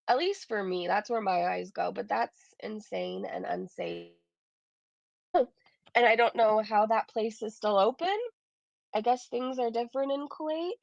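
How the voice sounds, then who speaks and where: A woman's voice: on the high side, gravelly, dry recording, highs cut off. A woman hosting a casual reaction commentary, sarcastic and blunt, who swears freely and laughs through her remarks. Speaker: reaction channel host.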